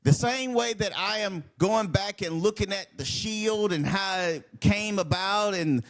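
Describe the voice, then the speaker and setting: A man's voice: high-pitched, measured pace, a bit bright. A man ranting heatedly in a casual commentary video, swearing and repeating himself as he rambles. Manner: heated, profane, rambling and repetitive. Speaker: wrestling commentary vlogger.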